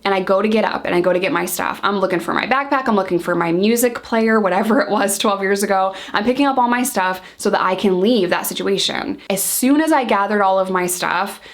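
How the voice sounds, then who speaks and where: A woman's voice: mid-range voice, fairly quick, hardly any pauses. A woman in her thirties casually telling a personal story to camera, blunt and heated, swearing freely.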